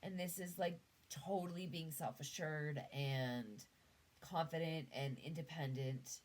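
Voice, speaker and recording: A Canadian woman talks through a tarot spread in an easygoing monologue. Her voice sits low and she takes her time. She muses aloud, trailing off and starting sentences over. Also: unhurried, darkish tone, rough recording. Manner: musing, trails off and restarts. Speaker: tarot reader. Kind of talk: casual tarot reading monologue.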